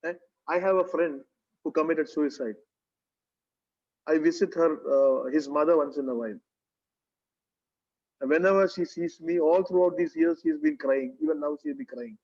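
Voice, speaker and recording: A man's voice: on the high side, animated, moderate pace, long pauses, a little mellow. A man with a Kerala English accent preaching a sermon, earnest and repetitive, with rhetorical tag questions, in a church. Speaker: pastor. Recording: dull lo-fi recording.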